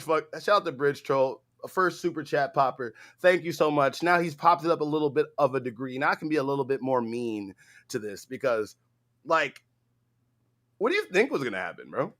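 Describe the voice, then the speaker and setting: A man's voice: a little high, sharp tone. A brash man co-hosting a commentary stream, swearing freely in casual talk. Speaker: co-host.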